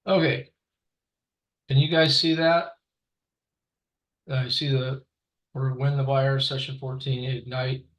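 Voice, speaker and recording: A man leading an online real estate training session over a video call, halting and full of fillers and restarts. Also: mid-range voice, flat delivery, fairly bright tone, low-quality recording.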